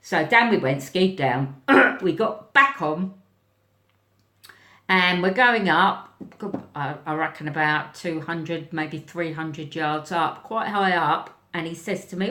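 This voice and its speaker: A woman, a teacher, telling a story to camera in a casual, animated way, acting out voices and often clearing her throat. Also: sits low, slow pace, reverberant.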